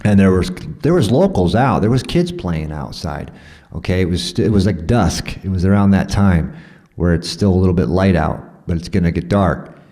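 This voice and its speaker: A man's voice: low-pitched, expressive, moderate pace, dark tone. A man telling a rambling personal story in a profane, conversational way, full of fillers and restarts.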